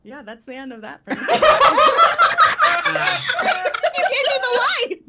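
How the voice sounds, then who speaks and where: A woman in her thirties performing a live stand-up set, animated and laughing through her punchlines. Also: very high voice, slow pace. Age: 30s. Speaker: stand-up comedian.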